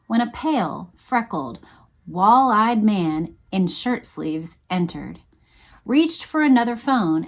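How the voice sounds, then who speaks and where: A woman narrating a history book aloud in a steady read-along style, with dramatic emphasis. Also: mid-range voice. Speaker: reader of a book series.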